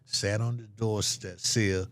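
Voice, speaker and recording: A man's voice: fairly low pitch, fairly even intonation, slow, fairly bright tone. An older man telling a story as an interview guest, acting out the voices of the people in it.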